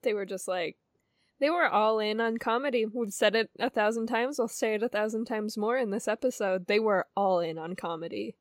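A woman's voice: medium pitch, moderate pace, no room sound, studio quality. Wry, chatty woman podcast co-host. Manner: chatty, wry, laughs often. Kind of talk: casual chat.

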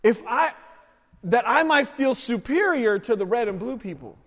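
High-voiced pastor guy joking around with his congregation, big echoey church hall. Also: lively intonation, normal speed, a bit bright. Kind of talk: sermon with audience participation. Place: church sanctuary.

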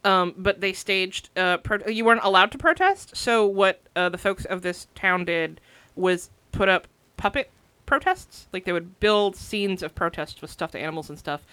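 A woman's voice: medium pitch, moderate pace, pushed and bright, clear, resonant tone, no echo. A woman on a casual film podcast rambles through an idea, padding her thoughts with fillers. Her voice sits mid-range and sounds close and dry, with no room around it. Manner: rambling, thinks aloud with many fillers. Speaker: podcast co-host. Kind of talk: casual movie discussion.

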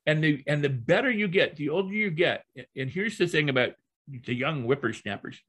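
Older man telling lively teaching stories. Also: fairly high pitch, moderate pace, husky. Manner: lively storyteller who repeats and builds phrases. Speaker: guest, hypnotist and trainer.

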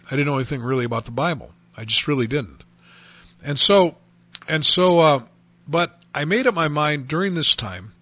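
A man from North Dakota giving a personal testimony, telling his story earnestly and haltingly with many restarts. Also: fairly high pitch, bright, forceful tone, no echo.

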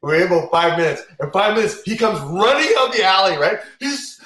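A man's voice: high voice, sing-song, a little fast, sharp tone. Guy rambling thru a crude road story, lots of restarts, echoey room sound. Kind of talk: casual chat. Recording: roomy echo.

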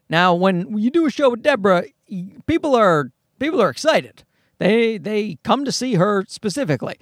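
A man's voice: sits high, dry recording, clean studio sound. A man in his thirties from Newfoundland, a stand-up comedian telling a rambling, profane story in a casual monologue. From Newfoundland, Canada. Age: 30s. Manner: rambling, easily sidetracked; profane and blunt.

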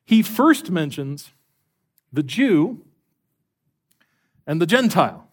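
A man's voice: a little high, very animated, slow pace. A middle-aged man, a pastor, preaching a sermon, telling a story, acting out the people in it and building to emphatic questions.

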